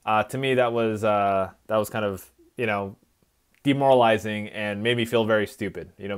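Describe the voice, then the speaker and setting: A man's voice: on the low side, clean tone. A man who speaks at schools, telling his life story in a reflective, conversational way on a live stream. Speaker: motivational speaker.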